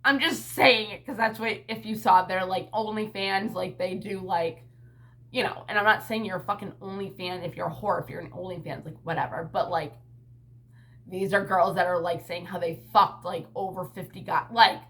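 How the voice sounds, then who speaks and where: A woman with a bright, forward voice vents straight to her camera in a casual vlog. She rambles, swears freely and fills every pause with "like" and "you know." Her pitch sits in an ordinary middle range. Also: fairly even intonation. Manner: rambling, blunt and profane, heavy use of "like" and "you know". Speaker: vlogger and mother.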